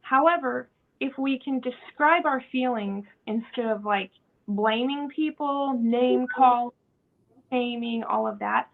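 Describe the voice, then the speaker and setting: A woman hosting a casual podcast chat, talking in an animated way. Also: a little high, unhurried, gravelly. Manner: animated, acts out quoted voices. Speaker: podcast host. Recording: tinny phone-like sound.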